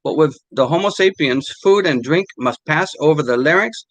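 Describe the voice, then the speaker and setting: An older man, a language teacher, talking casually and haltingly with many fillers while reading quotes aloud. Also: a little high, expressive, dry recording, rough recording.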